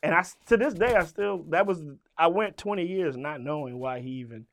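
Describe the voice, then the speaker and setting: A man's voice: on the high side, a little fast, fairly bright tone. A middle-aged man from Richmond, Virginia, a rapper as an interview guest, telling a story full of swearing and acting out both sides of every conversation. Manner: profane, acts out both sides of dialogue. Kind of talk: animated storytelling.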